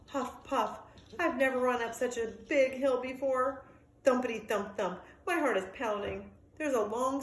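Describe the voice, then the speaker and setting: A woman voicing a friendly young male dog, anxious but kind, in a lively storybook reading with sound effects. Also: fairly high pitch, reverberant, close to an everyday voice. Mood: worried.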